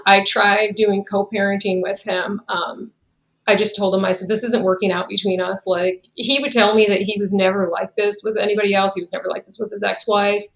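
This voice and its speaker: Woman, thirties, gravelly, candid conversational retelling, echoey room. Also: mid-range voice, a bit bright. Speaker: interviewee telling her own story. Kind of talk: candid personal account. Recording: roomy echo.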